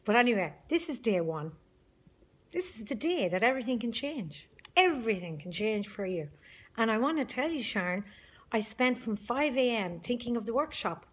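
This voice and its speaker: A woman's voice: fairly high pitch, sing-song, normal speed, slightly rough. Chatty woman, motivational message. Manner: warm, chatty, emphatic. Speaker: support group leader.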